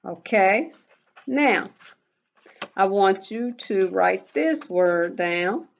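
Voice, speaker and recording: Slow, patient woman teaching first graders. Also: mid-range voice, expressive, vocal fry, lo-fi sound. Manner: slow, patient, repeats rules in a sing-song drill. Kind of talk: recorded phonics lesson for young children.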